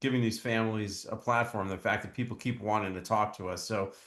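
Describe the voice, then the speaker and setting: In an echoey room, a man with a lowish, steady, fairly bright voice co-hosts a true crime podcast and reacts to viewer comments. He's earnest and casual but halting, often starting over and repeating himself.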